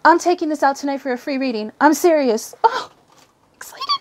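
A young woman, talking in a giddy, gushing rush as she unboxes items. Her voice sits a little high, with frequent giggles and the odd swear word between casual chat to viewers. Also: expressive, quick pace, a little mellow, slight background noise. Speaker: tarot reader and unboxing vlogger. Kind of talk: excited casual unboxing vlog.

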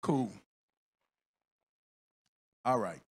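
A male pastor preaching a sermon in church, telling stories with shouts, laughter and playful asides to the congregation. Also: mid-range voice, expressive, very slow, a little hiss or hum.

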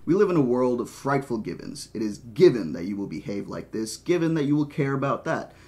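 A man's voice: mid-range voice, sing-song, fairly quick, a little mellow, close to an everyday voice. A man reading the lines of a wry, opinionated male mathematician in a dry, lecturing manner.

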